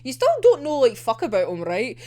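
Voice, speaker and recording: A woman's voice: a little high, sing-song, fairly quick, warm tone. Giggly woman rambling about anime. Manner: giggly, rambling, heavy swearing and fillers. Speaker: anime reviewer. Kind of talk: casual episode discussion.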